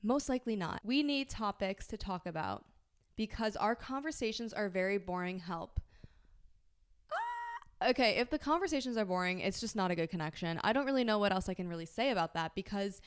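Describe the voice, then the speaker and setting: A woman's voice: medium pitch, clear, resonant tone. Frank, swearing woman podcast host. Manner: candid, frank, swears freely; emphatic, reassuring. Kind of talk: casual advice chat.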